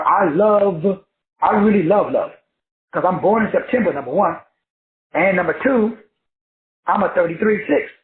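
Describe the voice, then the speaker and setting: A man's voice: sits high, reverberant, narrow, tinny audio. A man giving a motivational lecture to his class as host, talking in a preachy, repetitive and colloquial way. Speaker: online teacher and host.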